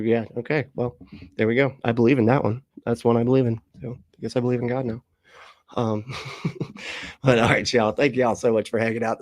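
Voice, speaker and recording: A man's voice: mid-range voice, a little mellow, no room sound. A man in his late thirties hosting a casual livestream, rambling through chat comments with frequent laughs and casual swearing. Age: late 30s. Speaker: livestream host.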